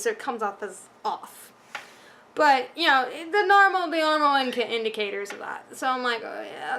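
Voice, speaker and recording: A woman's voice: a little high, a bit bright. A woman vlogging from home, ranting casually with lots of restarts and fillers. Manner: rambling, frustrated, many restarts and fillers.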